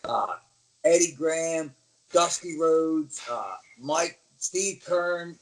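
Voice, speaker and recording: A man's voice: on the high side, slow pace, rough recording. A middle-aged American man, a former pro wrestler, telling stories in a casual interview and acting out the voices of the people in them. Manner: animated storyteller, acts out quoted voices.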